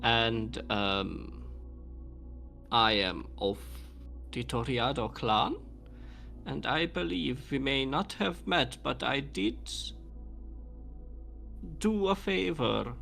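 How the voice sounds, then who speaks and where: A man's voice: medium pitch, expressive, very slow, gravelly, pauses often, bright, forceful tone, faint music behind, exaggerated voice. A man voicing a polite American vampire stunt woman in a tabletop game, speaking hesitantly.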